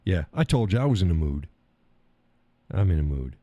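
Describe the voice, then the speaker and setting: A middle-aged man with a lowish, mellow voice holds forth as a live stream host. He talks in a blunt, profane, opinionated way and breaks into laughs. The sound is dry and close. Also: very animated, normal speed, dry recording, muffled recording. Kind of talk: casual opinionated monologue.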